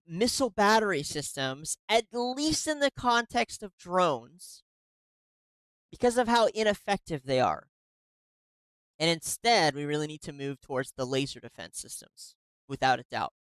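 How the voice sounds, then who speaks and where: A woman's voice: on the low side, no echo, rough recording. A woman giving casual reaction commentary on a clip, exasperated and swearing often. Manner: exasperated, swears a lot, says "bro".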